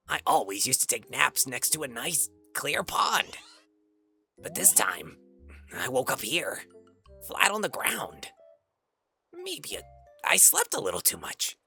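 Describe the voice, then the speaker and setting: A man's voice: mid-range voice, huge pitch swings, a little slow, creaky, pauses often, bright, forceful tone, soft background music, heavily acted. A man voicing a cheerful, sleepy young male Squirtle in a game playthrough. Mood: drowsy.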